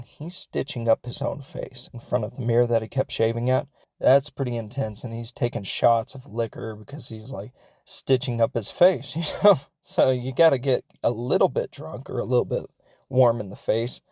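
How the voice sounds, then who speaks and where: A man's voice: mid-range voice, gravelly, a little mellow, no echo. A man hosting a podcast, recapping a film in a casual, rambling way, with lots of fillers and laughs as he goes. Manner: rambling and chatty, many fillers; laughs as he talks. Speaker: podcast host.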